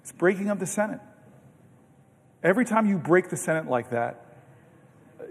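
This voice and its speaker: Man in his fifties, higher-pitched voice, animated anecdotes, long reverb of a big chamber. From United States. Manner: storytelling, animated, self-interrupting with restarts. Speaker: senator. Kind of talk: long speech on a legislative floor. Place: large legislative chamber. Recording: distant mic in a reverberant chamber.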